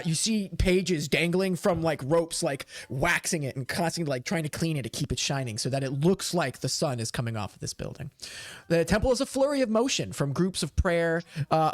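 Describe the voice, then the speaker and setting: A man's voice: a little high, no echo. A man narrating a tabletop game as game master, rambling with many fillers and self-corrections.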